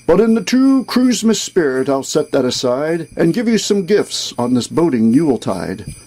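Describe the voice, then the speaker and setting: A man voicing a drunken, boastful old Santa figure on a boat, loud and jovial in a comic rhyming poem. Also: fairly high pitch, big pitch swings, normal speed. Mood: boozy, jolly.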